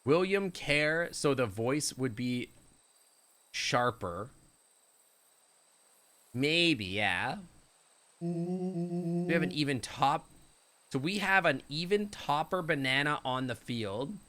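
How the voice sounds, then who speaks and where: A man's voice: mid-range voice, big pitch swings, takes it slowly, long pauses, pushed and bright. A Canadian man streaming a game live, rambling and joking with his viewers. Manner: rambling, jokey, chatting with viewers.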